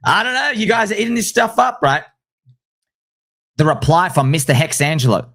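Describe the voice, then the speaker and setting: A man hosting a crypto livestream, giving an animated conference presentation with quick asides. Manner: animated and excitable, with rapid asides and sudden jumps in pitch.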